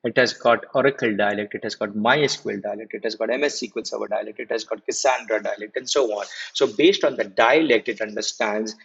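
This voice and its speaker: A man in his forties giving a live technical lecture as a software trainer. He repeats his key points and keeps quizzing the class with checking questions. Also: on the low side, a little fast, creaky, few pauses, husky. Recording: muffled lo-fi audio.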